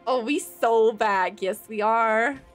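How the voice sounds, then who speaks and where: A woman streamer giving excitable live commentary while playing a game, gasping often and swearing freely. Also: fairly high pitch, slow pace, faint music behind.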